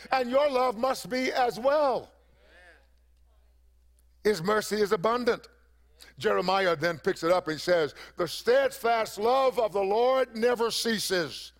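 A man's voice: high voice, slow, pauses often. A man preaching a sermon as pastor, emphatic and repeating phrases for effect.

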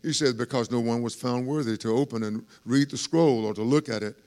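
A man's voice: medium pitch, a little fast. Man preaching with rising fervor. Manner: lively preaching with swells in volume and laughter; conversational asides to the congregation. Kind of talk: sermon.

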